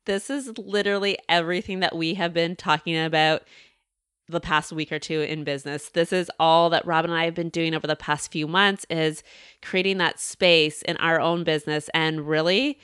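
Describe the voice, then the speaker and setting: Effusive woman co-host, smooth voice. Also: low voice, fairly even intonation, normal speed, fairly bright tone, dry recording, clean studio sound. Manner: effusive, enthusiastic. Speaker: podcast co-host. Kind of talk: casual podcast chat. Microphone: remote call.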